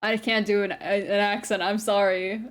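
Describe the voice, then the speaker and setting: A woman's voice: medium pitch, flat delivery, normal speed. A woman streamer casually chatting and joking with giggly, swearing asides while reading a visual novel aloud. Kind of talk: casual live-stream chat. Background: faint game music.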